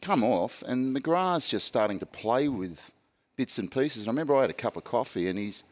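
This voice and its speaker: A man's voice: medium pitch, animated, normal speed. A middle-aged Australian man, a guest on a chat show, telling a rambling dressing-room anecdote in a dry way. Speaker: podcast guest, former cricketer. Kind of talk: casual chat, storytelling.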